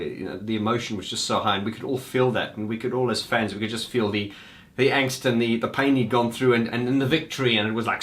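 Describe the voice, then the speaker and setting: Chatting unscripted with his viewers as if they were friends, a music video host rambles along with fillers and restarts and calls everyone "guys." His voice sits on the low side and sounds a bit bright.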